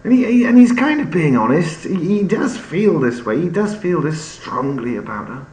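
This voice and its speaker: A man explaining a play in an unhurried storytelling manner, sometimes restarting with fillers as he searches for words. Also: on the high side, big pitch swings, a little mellow. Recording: echoey room with faint ambience.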